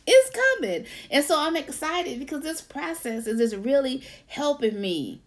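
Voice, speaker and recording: A woman hosting a casual faith-based livestream, lively, laughing often and greeting viewers by name. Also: high-pitched, moderate pace. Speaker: author and livestream host.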